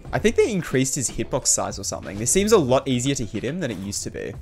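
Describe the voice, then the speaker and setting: A young Australian man giving live commentary on his own gameplay as a streamer, reacting aloud with slang and quick laughs. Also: mid-range voice, wildly swooping pitch, vocal fry, darkish tone, faint music behind. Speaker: game streamer.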